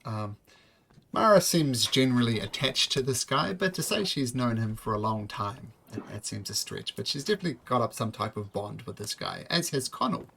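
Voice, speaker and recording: A man running a tabletop game as game master, narrating in a relaxed way with many ums and uhs. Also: medium pitch, moderate pace, vocal fry, slight background noise.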